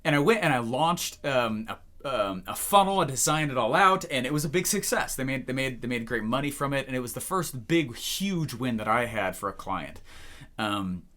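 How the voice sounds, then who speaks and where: A man's voice: mid-range voice, normal speed. A young man coaching on business, telling stories and acting out the phone calls as he goes. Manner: animated storyteller who acts out phone calls. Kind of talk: energetic talking-head lesson.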